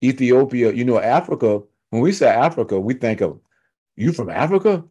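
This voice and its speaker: A man teaching a church Bible study, retelling scripture in loose everyday speech with humorous asides and emphatic, slowed-down stresses. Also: medium pitch, expressive, mellow, breathy edge, lo-fi sound. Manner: fired up and emphatic, slowing to stress key words.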